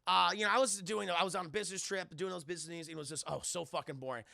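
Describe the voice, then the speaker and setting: A man voicing a smug rich young man who rambles on about his sudden marriage in a hushed, lowered voice. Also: fairly even intonation, rapid-fire, gravelly, no echo, clean studio sound, heavily acted. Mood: smug, rambling.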